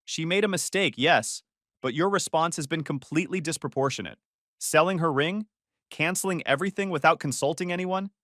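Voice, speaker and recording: A woman's voice: deep voice, fairly quick, a bit bright, dry recording, clean studio sound, voice pushed up. A man voicing a judgmental middle-aged mother with a fake-sweet, scolding manner. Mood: indignant.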